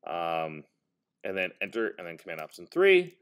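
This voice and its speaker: A male teacher casually demonstrating software to a high school class, talking as he types and correcting himself along the way. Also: very animated, a little slow, smooth. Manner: casual, talks while typing, self-correcting.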